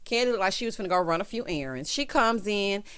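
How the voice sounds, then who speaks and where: Sassy Southern woman, Texas-raised, lively pitch swings, reality-TV recap vlogger. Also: fast, clean tone. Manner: sassy, animated, peppered with 'honey'.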